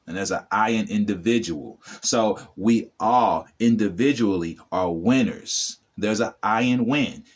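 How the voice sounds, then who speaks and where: A man's voice: on the low side, husky. A middle-aged man giving a motivational talk to the camera as a spiritual vlogger, preachy and repetitive, addressing the viewer directly.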